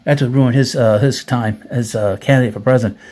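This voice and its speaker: A man's voice: mid-range voice, steady tone, fairly quick, dark tone. A man hosting casual commentary, reading out comments with blunt, profane sarcasm and rambling asides. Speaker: commentary host.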